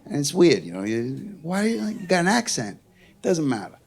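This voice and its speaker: A man's voice: a little high, big pitch swings, a little fast, very noisy. A young man with a Queens, New York accent doing a brash, swearing stand-up set in a comedy club. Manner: brash, swearing, exasperated storytelling. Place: comedy club with live audience. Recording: audience laughter in club.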